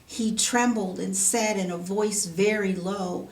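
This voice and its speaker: A woman's voice: medium pitch, takes it slowly. A woman teaching Sunday school, reading a rhyming children's story aloud in a sing-song cadence. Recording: roomy, from a distance.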